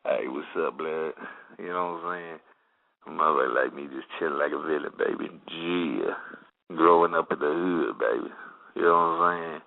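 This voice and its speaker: An extremely low, gravelly voice plays a laid-back, boastful street guy. The drawl is slow and rough, heard through a lo-fi, phone-like sound. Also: exaggerated voice.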